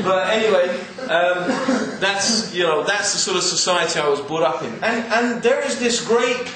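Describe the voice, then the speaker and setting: A man's voice: sits high, moderate pace, few pauses, a crowd in the background. English man lecturing in an echoey hall. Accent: English, mixed with East London. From England. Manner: animated, joking, conversational. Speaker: Islamic speaker. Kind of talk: religious lecture to an audience. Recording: very echoey hall, mic far off.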